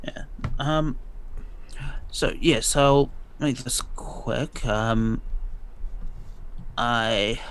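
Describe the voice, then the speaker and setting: A man's voice: medium pitch, a bit bright, clear, resonant tone, low-quality recording. A man playing a tabletop game in character, hesitant and full of ums. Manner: slow, hesitant, many ums. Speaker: player.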